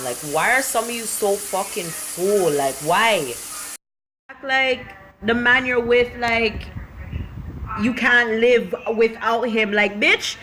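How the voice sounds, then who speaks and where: A woman's voice: mid-range voice, fairly bright tone, slight background noise. A young woman vlogging casually, ranting bluntly and profanely and slipping into patois-style slang. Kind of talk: casual vlog and rant to camera.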